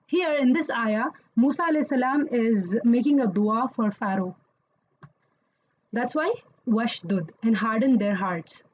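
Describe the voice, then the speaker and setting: A woman's voice: fairly high pitch, unhurried, darkish tone, dull audio, a little hiss or hum. A woman teaching Quranic Arabic grammar in an online lesson, explaining patiently and checking in with listeners as she goes.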